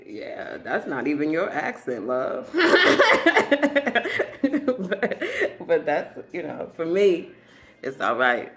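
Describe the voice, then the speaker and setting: Slow, animated woman doing comedic rambling. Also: sits low, faint music behind. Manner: rambling storyteller who laughs often at her own jokes. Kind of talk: comedic monologue.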